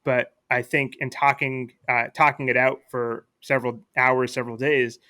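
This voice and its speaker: Podcast guest: man with a bright voice, casual and reflective, telling a story. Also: mid-range voice, level tone, moderate pace, dry recording. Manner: reflective, many fillers and restarts. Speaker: guest, attorney.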